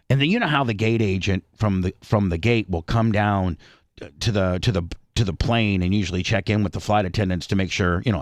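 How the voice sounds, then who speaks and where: A middle-aged man hosting a talk radio show, telling a rambling, animated story full of crude slang. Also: fairly low pitch, fairly quick, no room sound, studio quality.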